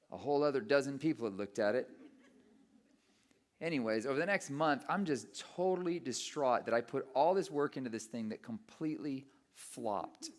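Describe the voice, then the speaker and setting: Animated man preaching a sermon. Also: on the high side. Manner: animated storytelling, acting out his own inner voice. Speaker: pastor.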